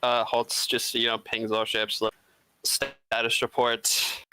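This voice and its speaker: A man's voice: medium pitch, completely flat delivery, slow, pushed and bright, a little hiss or hum, low-quality recording. A man playing a tabletop game, rambling through his character's plans with lots of fillers. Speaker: player. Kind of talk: casual tabletop chat.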